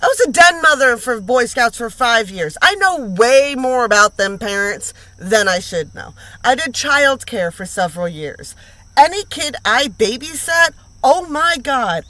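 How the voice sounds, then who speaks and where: A woman reads tarot in a casual, unscripted way, with a bright, sharp edge to her voice. She talks bluntly, piles up slang and swearing, and hammers her points home by repeating them. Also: on the high side, expressive, measured pace, no echo. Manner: emphatic, blunt, repeats lines for emphasis; slangy and profane. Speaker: tarot reader.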